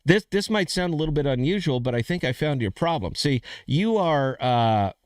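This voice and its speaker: A calm, matter-of-fact doctor who delivers news with a slow, reassuring bedside manner, as a man puts him on. The voice sits a bit above an ordinary male pitch, in a dry and close sound. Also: no echo, lightly acted.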